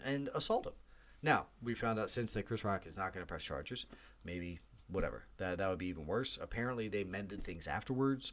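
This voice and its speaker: A man hosting a movie podcast, talking casually and animatedly, with chatty jokey asides and big swings for emphasis. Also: lowish voice. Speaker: podcast host.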